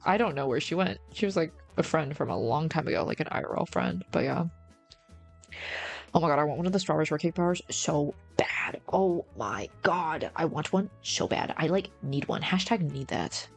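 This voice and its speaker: A woman's voice: lowish voice, creaky. A woman streamer in casual, slangy livestream chat, rambling and answering her chat. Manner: rambling, slangy, says bro a lot.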